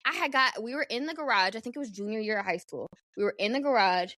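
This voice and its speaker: Candid young woman podcaster, higher voice. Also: fast talker, dry recording, clean studio sound. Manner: candid, profane, animated. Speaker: podcast host. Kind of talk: casual solo podcast storytelling.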